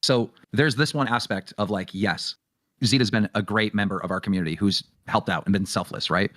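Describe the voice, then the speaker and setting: A man calmly mediating a livestream call dispute, speaking in a measured, hesitant way. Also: lowish voice, no room sound, clean studio sound.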